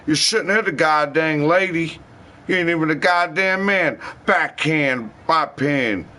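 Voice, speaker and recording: Man ranting, bright and slow. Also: fairly high pitch. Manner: angry, profane rambling with heavy slang. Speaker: livestreamer. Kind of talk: rambling rant to camera.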